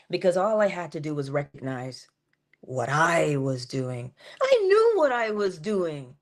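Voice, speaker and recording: A woman's voice: sits low, big pitch swings. Woman giving a whispery motivational talk. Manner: shifts between full voice and soft unvoiced whisper; drawn-out, emphatic delivery with slowed phrases. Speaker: inspirational speaker.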